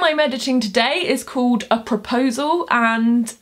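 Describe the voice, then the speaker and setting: A woman's voice: a little high, normal speed. A young woman, a poet explaining poetry in a chatty, nerdy way with self-deprecating asides. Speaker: poet and booktuber. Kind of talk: casual explainer video.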